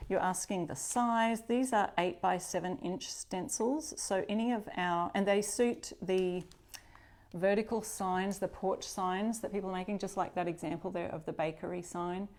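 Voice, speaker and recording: With a steady, darkish mid-range voice at a normal speed, this upcycling channel host from Australia, a middle-aged woman, leads a live crafting demo. She talks chattily and welcomes viewers as they arrive.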